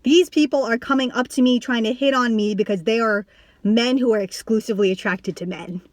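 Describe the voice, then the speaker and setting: A young woman vlogs casually to the camera in a slightly high, slightly quick voice, recorded dry. She rambles with plenty of "like," restarts and swearing, staying animated and bursting into laughter now and then.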